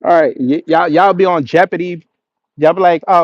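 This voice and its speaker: A man hosting a casual reaction video, talking in an animated, slangy way and laughing often. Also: on the high side, normal speed, muffled recording.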